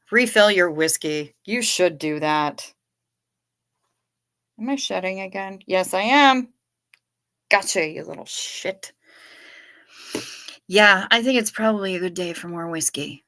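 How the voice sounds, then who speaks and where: A woman chats to her livestream viewers in an unhurried, drawn-out way. Her voice is bright and a little sharp, and the sound is dry and close. She jokes, swears and circles back through her stories as she reads comments aloud. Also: fairly low pitch, dry recording. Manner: jokey and profane, musing aloud with restarts. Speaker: livestream host reading viewer chat. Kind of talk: casual chat.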